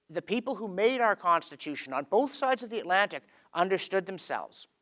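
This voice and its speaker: A Canadian man giving a lecture-style talk to a live audience at an evening event, emphatic and animated, with wry asides. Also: high-pitched. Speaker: speaker giving a public talk. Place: event hall.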